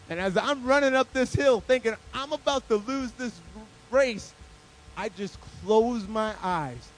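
A man's voice: high voice, a little hiss or hum, low-quality recording. A man delivering a sermon as a guest speaker, telling a story animatedly and acting out characters.

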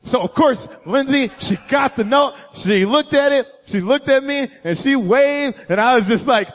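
A man, a guest speaker, telling a funny personal story in a sermon, animated and acting out voices and sounds. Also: very high voice, moderate pace. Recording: echoey hall.

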